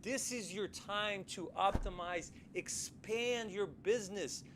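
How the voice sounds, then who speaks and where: A high-pitched man co-hosts a podcast, telling a story casually and acting out what people said. He keeps checking in with "right?" as he goes. A faint hum of room noise sits behind him. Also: takes it slowly. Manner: animated, repeats "right?" often; acts out quoted lines in the story. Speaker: podcast co-host.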